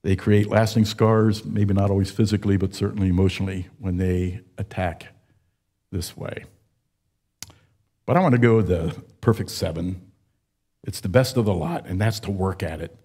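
A man in his seventies preaching a sermon, telling folksy stories with frequent pauses and fillers. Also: deep voice, steady tone, warm tone, slightly rough. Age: 70s. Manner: folksy storytelling, with many uh fillers. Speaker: pastor.

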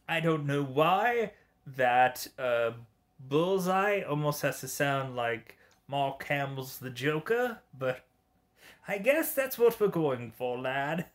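A man giving casual gameplay commentary, reading the game's dialogue aloud in a rambling, halting way. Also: a little high, expressive. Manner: rambling, halting, with frequent fillers. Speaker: gamer.

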